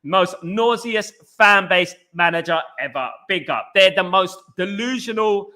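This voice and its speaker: Bright-voiced man hosting a live chat. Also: sits high, measured pace. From England. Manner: animated, greets viewers by name with "big up"; rambling with frequent restarts and fillers. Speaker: football fan channel host. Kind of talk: casual live-stream chat.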